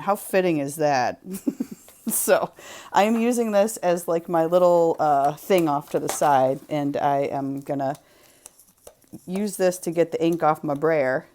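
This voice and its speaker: Chatty young woman showing a craft project, laughs a lot, kinda low voice. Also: darkish tone. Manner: giggly, chatty, self-deprecating. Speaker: craft show host. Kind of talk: casual craft demonstration.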